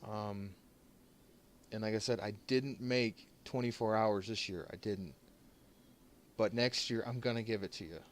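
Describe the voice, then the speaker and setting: A man giving an emotional thank-you to his stream viewers, choked up and halting, restarting his sentences and pausing often as he holds back tears. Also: lowish voice. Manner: halting and heartfelt, many restarts and pauses.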